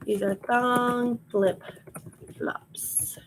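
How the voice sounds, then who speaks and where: Speaking very slowly in a slightly high, steady voice, a Long Island woman chats with her livestream viewers as she works through her resale inventory. She laughs a lot and reads item details aloud, with slight background noise present.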